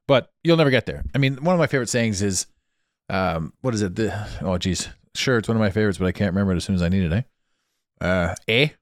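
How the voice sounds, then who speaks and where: A man's voice: fairly low pitch, animated, rapid-fire, dry recording, clean studio sound. A Canadian man hosting a solo podcast, chatting in a rambling way and laughing often, recorded in a small dampened room on a travel mic. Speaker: podcast host. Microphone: portable travel mic.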